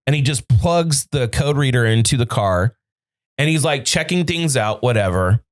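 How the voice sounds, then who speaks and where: Animated, profane man telling a story. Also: medium pitch, moderate pace. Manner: profane, animated storyteller acting out quoted dialogue. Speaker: podcast host. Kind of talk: casual storytelling chat. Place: podcast studio.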